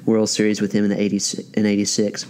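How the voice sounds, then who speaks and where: A man hosting a podcast interview, chatting and telling stories in a lively way. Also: lowish voice, fast, clear, resonant tone. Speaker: podcast host. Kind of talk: casual interview chat.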